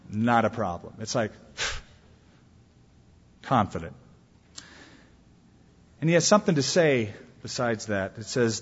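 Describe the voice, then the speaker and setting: A man pastor preaching a sermon earnestly, his voice swinging widely between loud emphatic peaks and soft low asides. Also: big pitch swings, a little slow, pauses often, slightly rough. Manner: earnest preaching with wide swings in pitch and volume. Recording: long hall reverb, dull lo-fi sound.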